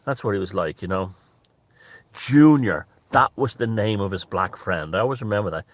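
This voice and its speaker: A man's voice: lowish voice, lively intonation, moderate pace, dry recording. A man telling a rambling story in casual talk, repeating phrases and restarting often. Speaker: author and storyteller.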